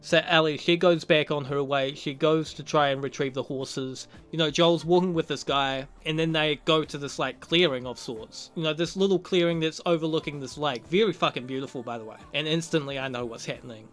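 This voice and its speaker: Bright-voiced, profane young-sounding male reviewer. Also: a little high, brisk, hardly any pauses, faint music behind. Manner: profane, rambling, chuckling. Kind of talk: casual episode recap and review.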